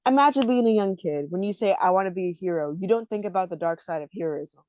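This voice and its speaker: A woman co-hosting a podcast, chatting about an anime in an animated, emotional way that often breaks into laughter. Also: mid-range voice, fast, highs cut off, a little hiss or hum. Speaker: podcast co-host. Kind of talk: casual anime discussion.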